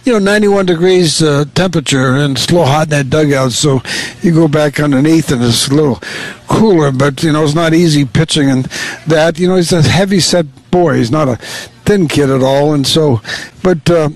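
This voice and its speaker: An older man, a baseball coach, talking in a rambling, halting way with many fillers in a postgame radio interview, coughing a little. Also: fairly high pitch.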